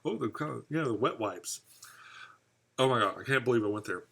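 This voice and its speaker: On his live fishkeeping stream, the host reads viewer comments aloud and chats in a rambling, relaxed manner, often laughing at his own quips. His medium-pitched voice has lively intonation, vocal fry, a slightly bright quality and a breathy edge, and he talks fairly quickly.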